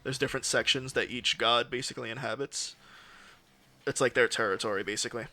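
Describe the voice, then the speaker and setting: Bright-voiced young man joking through a recap. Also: mid-range voice. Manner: joking, animated retelling with quick quips. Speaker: podcast co-host. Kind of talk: casual chat recapping an anime.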